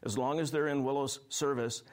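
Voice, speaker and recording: Relaxed man pastor chatting. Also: mid-range voice, brisk. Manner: relaxed, laughs easily, tells anecdotes. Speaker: church pastor. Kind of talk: conversational discussion.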